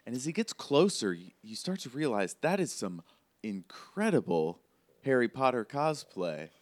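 A man running a tabletop role-play as game master, telling the scene in a relaxed, conversational way with plenty of fillers. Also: mid-range voice, normal speed, no echo.

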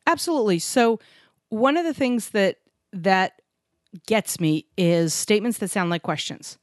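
A woman co-hosts a podcast in a casual chat, animated and emphatic, now and then acting out other people's voices. Her voice sits at a middle pitch. The sound is dry and close to the mic. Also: measured pace, no echo. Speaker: podcast co-host. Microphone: podcast microphone.

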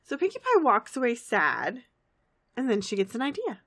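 A woman's voice: fairly high pitch, moderate pace, breathy edge. A woman co-hosting a podcast, chatting and giggling as she recaps a cartoon episode. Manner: chatty, giggly, lively retelling. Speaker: podcast co-host.

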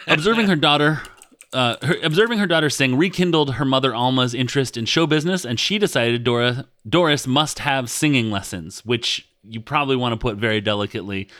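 A man's voice: medium pitch, normal speed, sharp tone. A man hosting a casual podcast, reading a biography aloud with joking asides. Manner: joking, chatty, playful asides.

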